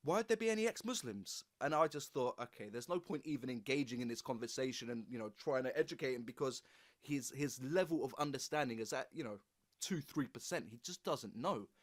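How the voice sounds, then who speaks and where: A man hosting a podcast, asking questions and retelling anecdotes in a relaxed, conversational way. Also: medium pitch, fairly quick. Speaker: podcast host. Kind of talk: casual interview chat.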